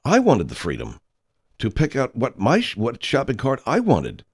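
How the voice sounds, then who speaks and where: A man's voice: mid-range voice, huge pitch swings, moderate pace, husky. A man playing a pompous, self-important horror film director who rambles through an anecdote and talks about himself in the third person. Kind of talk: comedic character monologue.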